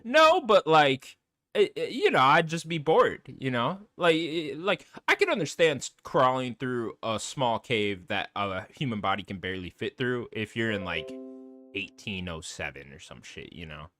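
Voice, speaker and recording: Medium in pitch and normal in speed, a man co-hosting a podcast chats casually and swaps stories. He's lively, laughing frequently and cursing as he goes.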